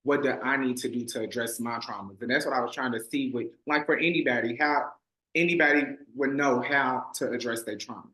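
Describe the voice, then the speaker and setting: Podcast host, mid pitch, roomy echo, relaxed short replies. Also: fairly quick. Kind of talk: casual interview.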